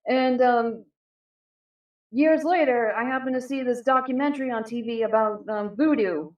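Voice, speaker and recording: A young woman telling a personal story casually, halting with many fillers and restarts. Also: a little high, highs cut off. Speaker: panel guest. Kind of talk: casual storytelling on a live stream. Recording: echoey distant mic.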